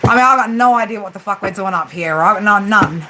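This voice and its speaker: Australian woman, 40s, livestream host, chatty and teasing, steady rain noise in the room. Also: mid-range voice, a little fast. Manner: chatty, joking, tags sentences with "right?". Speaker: livestream tarot reader. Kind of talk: casual live-stream chat. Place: room with a flat roof. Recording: steady rain drumming behind her. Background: rain on the roof.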